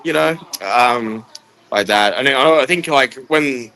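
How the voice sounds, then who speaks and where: A man's voice: mid-range voice, slow pace, bright, forceful tone, rough recording. A man answering interview questions in a hesitant, laid-back way. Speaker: competitive chilli eater.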